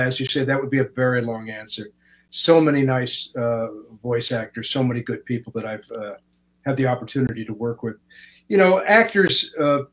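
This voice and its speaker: An older man from Canada, a voice actor telling stories in a relaxed interview and slipping into voices as he goes. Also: mid-range voice, low-quality recording. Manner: animated, slips into voices while telling stories. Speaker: guest voice actor. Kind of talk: casual interview storytelling.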